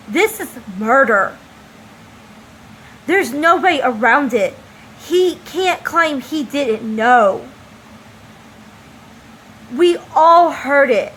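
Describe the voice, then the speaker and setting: Vlogger woman, high voice, slow deliberate delivery, faint room ambience behind. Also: fairly bright tone, a little hiss or hum, poor audio. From United States. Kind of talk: opinion monologue to camera.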